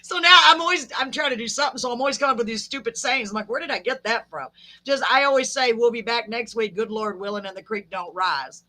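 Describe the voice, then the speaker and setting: Woman host, bright and forceful tone, chatty and laughing, folksy. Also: on the high side, quick pace. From Texas. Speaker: podcast host. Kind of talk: casual live chat with a guest.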